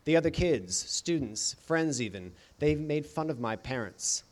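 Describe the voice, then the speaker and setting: A man voicing a grieving, bitter young man who speaks slowly and heavily, haunted and resentful. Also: on the high side, lively intonation. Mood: wounded. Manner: slow, heavy delivery.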